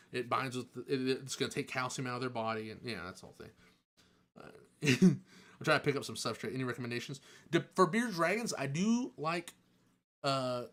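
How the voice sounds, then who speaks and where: A man casually answering chat questions on a live stream, chatty and excitable, joking and laughing often. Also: mid-range voice.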